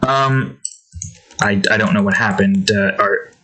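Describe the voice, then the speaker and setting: A man's voice: lowish voice, unhurried, bright, forceful tone, low-quality recording. A man rambling and correcting himself as he draws and chats to viewers. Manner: rambling, self-correcting, chaotic. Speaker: host drawing on stream. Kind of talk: casual rambling commentary.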